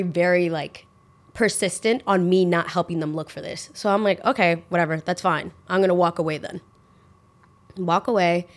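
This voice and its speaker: Chatty young woman telling a story. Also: fairly low pitch. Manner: animated, acts out quoted dialogue, heavy use of "like". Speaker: podcast host. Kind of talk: casual storytime.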